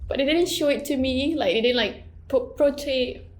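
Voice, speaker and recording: A woman's voice: high voice, brisk. A woman co-hosting a student podcast in playful casual chat, who sometimes stumbles over words. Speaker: podcast co-host.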